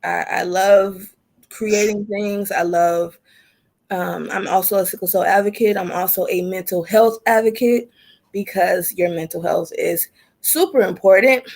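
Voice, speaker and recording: A woman's voice: mid-range voice, steady tone, measured pace, gravelly, a little mellow. A woman in her thirties hosting a casual group video call, playful and teasing as she introduces herself. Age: 30s. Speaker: host and advocate.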